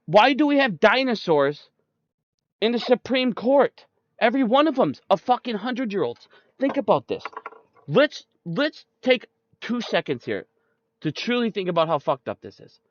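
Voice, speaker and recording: A man's voice: high-pitched, sing-song, normal speed, dry recording. A young man ranting about politics, combative and full of swearing, addressing his listeners directly. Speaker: streamer. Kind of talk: political rant. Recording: dull, dry close-mic sound.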